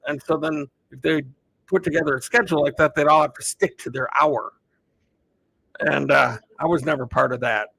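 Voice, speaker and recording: Bright gravelly-voiced male streamer. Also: on the high side, normal speed, slight background noise, low-quality recording. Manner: rambling and relaxed, chatting to viewers. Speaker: live streamer. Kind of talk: casual live-stream chat.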